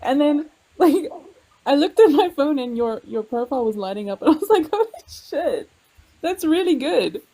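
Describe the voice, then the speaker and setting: A woman in a livestream group chat, retelling things in an animated, giggly way. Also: sits high, moderate pace, poor audio. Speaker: livestream participant.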